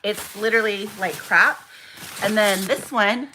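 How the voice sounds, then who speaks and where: A woman's voice: mid-range voice, measured pace, bright, forceful tone, a little hiss or hum, rough recording. A young woman chatting to viewers on a live stream while packing orders at home, talking freely as she works. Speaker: small shop owner packing orders. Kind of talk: casual live-stream chat.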